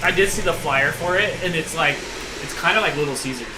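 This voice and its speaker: Brief: woman with a very low voice, rambling, hesitant co-host, noisy home kitchen. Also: brisk. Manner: rambling, hesitant, many fillers. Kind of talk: casual chat while cooking. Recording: home recording with background noise.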